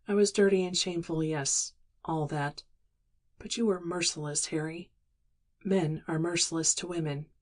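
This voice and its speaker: A woman reading the lines of a weary, regretful young working-class woman in an audiobook, in a quiet, resigned and wistful manner. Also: lowish voice, fairly even intonation, normal speed, close to an everyday voice.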